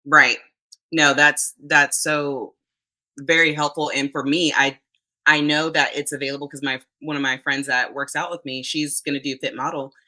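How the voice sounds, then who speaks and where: A woman talking as a podcast guest in a relaxed interview, chatty and often quoting herself. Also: low-pitched, normal speed, low-quality recording. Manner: chatty, quotes herself often, frequent restarts. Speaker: podcast guest, fitness competitor. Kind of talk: casual interview chat.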